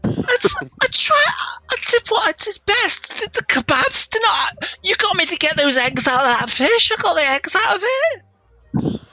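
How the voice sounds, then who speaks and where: A man voicing a clumsy, cheerful male cook in a tabletop game, in a high squeaky voice. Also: very animated, unhurried, bright, forceful tone, heavily acted, rough recording. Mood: sheepish.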